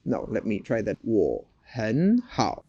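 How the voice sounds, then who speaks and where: A woman's voice: rumbling low, huge pitch swings, measured pace, warm tone, muffled recording, a little hiss or hum. A woman co-hosting a language podcast as the learner, curious and careful as she repeats phrases. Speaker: learner co-host.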